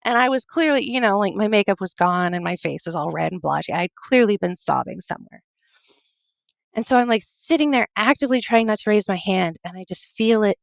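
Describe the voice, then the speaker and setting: A woman guest on a podcast telling a personal story earnestly, halting often and quoting her own thoughts. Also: mid-range voice, lively intonation, vocal fry, no echo, lo-fi sound. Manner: earnest, halting, with many fillers and quoted self-talk.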